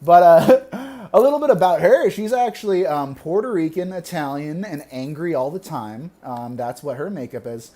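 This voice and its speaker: A young man performing a stand-up comedy set, delivering deadpan one-liners and laughing at his own jokes. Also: a little high, moderate pace, few pauses.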